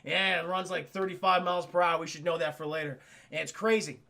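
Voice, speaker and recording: A man streaming a casual film recap to his live chat, excitable and swearing freely as he talks straight to the viewers. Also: on the high side, fairly quick, gravelly.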